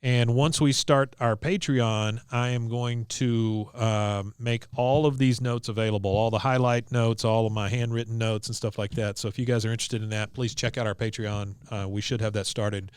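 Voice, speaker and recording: A man talks through a cartoon episode on his podcast, loosely and animatedly, slipping into the characters' lines as he goes. His voice is smooth and clear, and the sound is dry and close. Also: medium pitch, moderate pace, hardly any pauses, no echo. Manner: animated storyteller, acts out quotes, frequent "uh". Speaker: podcast co-host recapping episodes. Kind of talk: casual recap chat. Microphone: desk mic on video podcast.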